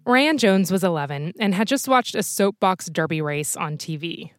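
A woman hosting a podcast, telling a true story in scripted documentary narration with a measured storytelling manner. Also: on the low side, lively intonation, no room sound, studio quality.

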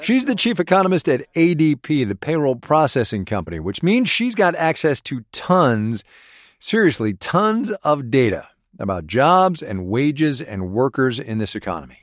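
A man's voice: medium pitch, sing-song, moderate pace, no echo, studio quality. A middle-aged man hosting a public radio business program, talking in a wry, conversational way while on location in a cafe. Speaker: radio show host.

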